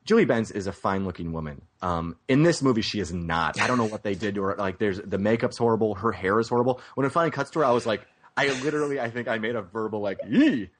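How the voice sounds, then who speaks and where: A man co-hosting a casual movie podcast, rambling with filler words, swearing, and breaking into animated voice imitations. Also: lowish voice, fast, hardly any pauses. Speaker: podcast co-host. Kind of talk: casual film chat.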